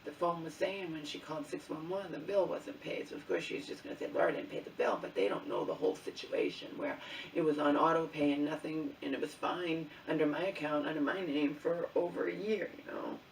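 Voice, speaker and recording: A woman's voice: sits low, brisk, a little hiss or hum. A middle-aged woman vlogger telling an angry personal story with lots of swearing, often asking "okay?" and "you know?". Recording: distant mic in an echoey room.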